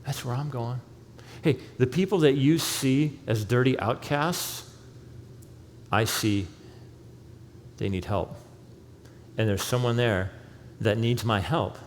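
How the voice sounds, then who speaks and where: A man's voice: medium pitch, slow pace, long pauses, slight background noise. A male pastor preaching a sermon, telling the story with animation and acting out the quoted lines. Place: church sanctuary. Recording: long hall reverb, faint ambience.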